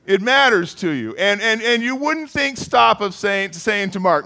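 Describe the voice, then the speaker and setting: Lively, high-voiced male preacher. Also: a little slow. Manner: conversational, repeats words, calls on listeners by name. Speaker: pastor. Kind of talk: sermon.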